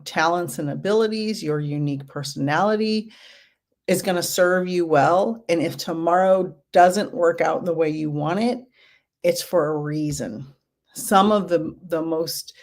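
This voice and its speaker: A woman giving card readings to a live chat audience, gentle and reassuring, calling out viewers' names again and again. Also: fairly low pitch. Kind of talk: livestream reading.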